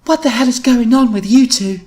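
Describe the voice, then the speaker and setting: Un uomo che fa una ragazza ninja autoritaria e stridula. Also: male voice, unhurried. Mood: shouting. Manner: shrill, exaggerated reading of own teen story. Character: firm bossy teenage girl ninja friend.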